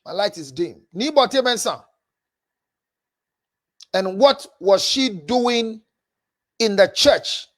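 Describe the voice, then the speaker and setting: A man's voice: high-pitched, animated, takes it slowly, pauses often, fairly bright tone. A man with a Ghanaian accent, a counselor hosting a livestream, animatedly scolding while reading viewer messages aloud. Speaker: counselor and show host.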